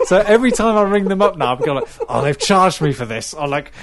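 A man's voice: sits high, animated, fast talker, hardly any pauses, dry recording. A man hosting a podcast, telling a story in casual chat and mimicking other voices as he goes. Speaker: podcast host.

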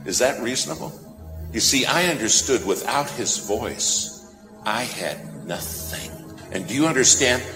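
A man's voice: medium pitch, lively intonation, unhurried. A man preaching a sermon, telling a story with dramatic, swelling emphasis. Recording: echoey hall with music behind.

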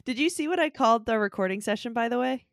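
A young woman co-hosting a podcast in casual chat, relaxed and laughing along. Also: a little high, vocal fry, dry recording, studio quality. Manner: relaxed, quick back-channel replies, laughs along. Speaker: podcast co-host.

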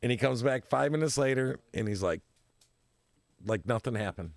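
Gravelly man rambling through a story. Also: medium pitch, expressive, moderate pace, no room sound, studio quality. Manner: rambling, repeats himself, laughs often.

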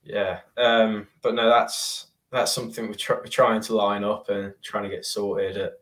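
A man's voice: lowish voice, flat delivery, unhurried, a bit bright. A man, a podcast guest, talking hesitantly and searching for words. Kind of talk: casual interview chat.

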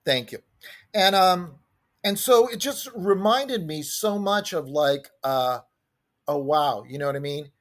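A man's voice: on the high side, lively intonation, a little slow, fairly bright tone. Candid man sharing his recovery story. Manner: candid and conversational, acts out quoted dialogue. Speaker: recovery group speaker sharing. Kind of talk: personal testimony at a support meeting.

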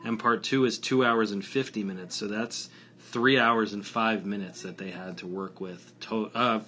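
Bright-voiced man ranting casually. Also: fairly low pitch, moderate pace. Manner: animated, profane ranting. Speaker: podcast host. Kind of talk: casual chat.

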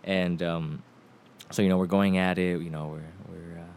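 A man's voice: low-pitched, steady tone, moderate pace, a little mellow, a little hiss or hum. A young man casually telling a long, rambling story on a podcast, often laughing as he goes. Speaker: podcast co-host.

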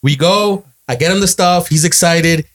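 A man telling a family story in a casual chat, animated and repeating phrases as he acts out quotes. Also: a little high, normal speed, a little hiss or hum. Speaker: podcast guest, storyteller.

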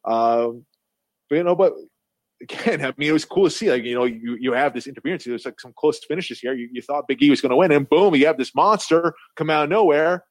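A man's voice: on the high side, brisk, no echo. A man co-hosting a casual wrestling podcast, giving his opinions with many restarts and fillers. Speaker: podcast co-host.

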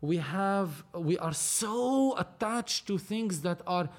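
Man, high voice, animated casual talk, repeats himself. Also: slow. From Lebanon. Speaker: podcast guest, entrepreneur. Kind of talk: casual conversation.

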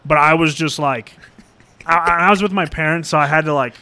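A young man in casual sports chat, excitable and given to yelling and swearing when he rants. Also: on the high side, moderate pace, clear, resonant tone.

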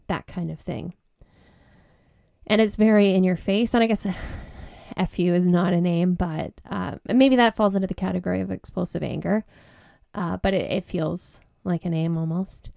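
A young woman talks into her podcast mic in an earnest, candid way, now and then pausing on fillers. Her voice is mellow and warm. The sound is dry and close, with no room around it. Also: medium pitch, vocal fry, dry recording. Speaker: podcast host and breakup coach. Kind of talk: personal podcast talk.

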